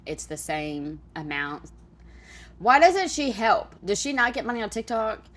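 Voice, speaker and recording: A woman's voice: medium pitch, big pitch swings, a little slow, fairly bright tone. Chatty woman reacting to a clip. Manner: chatty, exclaiming, laughing asides. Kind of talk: casual reaction commentary.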